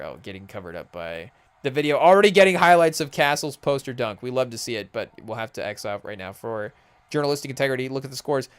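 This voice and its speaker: Excitable male podcast host, smooth voice. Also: mid-range voice. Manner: excitable, rambling, keeps saying "hey, yo". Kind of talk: casual live game commentary.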